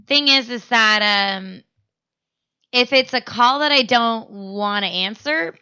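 A young woman from Arizona co-hosts a comedy podcast, telling crude, laugh-filled stories. Her voice sits a little high and sounds bright and forceful. She acts out the people in her anecdotes as she goes. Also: takes it slowly, clear, resonant tone. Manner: crude, storytelling, laughs often, acts out quotes. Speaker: podcast co-host. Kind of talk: casual comedic chat.

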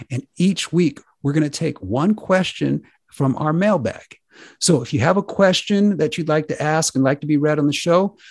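A man hosting a talk show, speaking earnestly and with drawn-out emphasis. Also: a little high, no echo, studio quality. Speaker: host.

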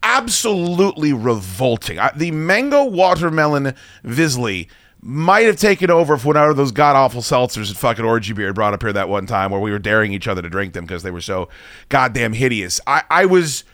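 A man's voice: medium pitch, big pitch swings, a little fast, fairly bright tone, no room sound, clean studio sound. A man in his thirties hosting a podcast, telling a long story in a rambling, self-mocking way and swearing constantly. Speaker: podcast host. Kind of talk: casual profane storytelling.

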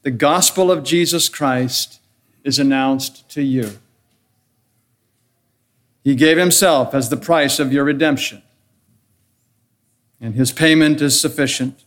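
A man delivering an earnest, measured sermon as pastor, counting off his points and posing rhetorical questions. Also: medium pitch.

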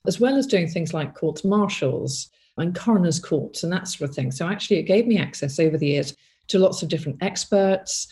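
A woman's voice: on the low side, warm tone. A middle-aged woman, a crime author, answering interview questions in a thoughtful way with many restarts and asides.

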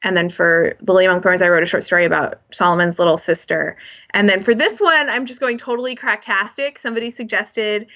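A woman's voice: mid-range voice, steady tone, fairly quick, fairly bright tone. A woman author chatting as a podcast guest, enthusiastic and rambling with many fillers. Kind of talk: casual interview chat.

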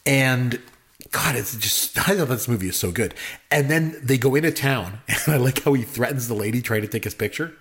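A man's voice: mid-range voice, moderate pace, fairly bright tone. A man co-hosting a casual movie talk, enthusiastic and rambling, with lots of fillers. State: married. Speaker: podcast co-host.

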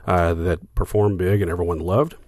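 A lower-pitched man talks through band history in a loose, chatty way, full of fillers and restarts. The sound is dry and close, with no room around it. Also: steady tone, moderate pace, darkish tone, dry recording. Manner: explanatory, filler-heavy, restarts. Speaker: podcast co-host. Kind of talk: casual music discussion.

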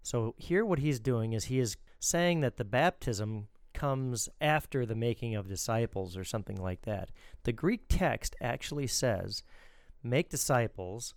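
A man's voice: mid-range voice, expressive, measured pace, no room sound. A man, a Lutheran pastor co-hosting a show, explaining scripture and critiquing a sermon in a teacherly way.

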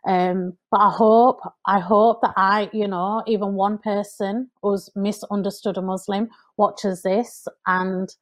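An earnest woman with an English accent recounts her story as a podcast guest. Her voice sits at a middle pitch, and she grows animated whenever she quotes someone. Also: unhurried, hardly any pauses. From United Kingdom. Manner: earnest, animated when quoting people. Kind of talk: conversational storytelling.

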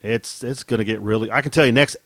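A man's voice: mid-range voice, fast, a bit bright, no room sound. A man co-hosting a casual chat, recapping comics loosely and profanely. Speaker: podcast co-host.

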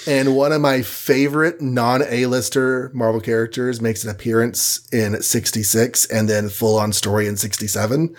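A man co-hosting a casual comics podcast, easygoing and teasing, quick to laugh. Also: medium pitch, fairly even intonation. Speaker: podcast co-host.

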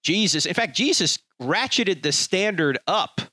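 A male preacher delivers an emphatic, rhetorical sermon. His fairly high voice swoops with lively intonation. The recording is dry, with no room echo. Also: a little slow. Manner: emphatic, rhetorical, acts out quoted people.

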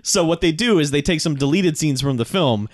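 A man's voice: fairly high pitch, animated, a little fast, no room sound. Laughing man recapping a movie, dry sound. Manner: laughing, profane, jokey asides. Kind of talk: casual movie recap chat.

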